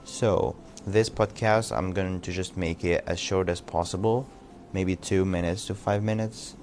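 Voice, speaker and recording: A man with an Egyptian accent giving a casual podcast language lesson, loosely chatting and repeating phrases slowly for learners. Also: low-pitched, fairly even intonation, a little mellow, faint music behind. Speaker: language teacher.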